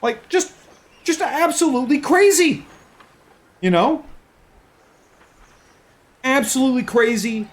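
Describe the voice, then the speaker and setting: A young man telling game stories in a casual, excited and profane way as a streamer. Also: extremely high pitch, takes it slowly, pauses often. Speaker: gaming streamer. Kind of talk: casual chat.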